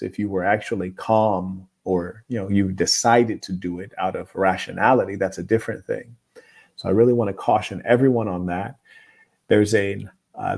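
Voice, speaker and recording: A man hosting an advice show, reading viewer letters aloud and giving blunt, moralizing opinions in a calm, lecturing way. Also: fairly low pitch, gravelly. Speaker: host.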